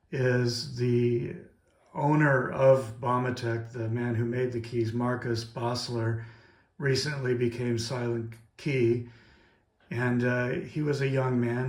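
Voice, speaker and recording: Everyday male hobbyist, mid pitch, methodical how-to delivery, echoey room. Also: a little mellow. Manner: plain, methodical, frequent "uh" pauses. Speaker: ham radio operator teaching Morse keying. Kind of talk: casual how-to demonstration. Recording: echoey room with faint noise.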